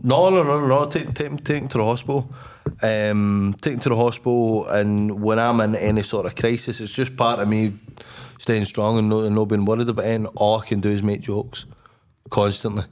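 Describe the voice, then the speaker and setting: A young Scottish man, a podcast guest, telling a wild story in a blunt, sweary, animated way. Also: lowish voice, normal speed. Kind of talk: casual storytelling.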